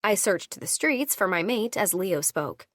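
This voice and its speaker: A woman reading a first-person audiobook, voicing each character with her own shifts in pitch. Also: expressive, unhurried, a bit bright, no room sound, clean studio sound. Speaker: audiobook narrator.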